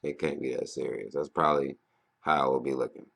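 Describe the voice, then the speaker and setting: A man in his thirties with an extremely low, gravelly voice talks through a loose, profane monologue. He rambles and then bursts out loudly. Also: a little fast. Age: 30s. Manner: profane and rambling, with loud animated outbursts. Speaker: vlogger. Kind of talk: casual monologue.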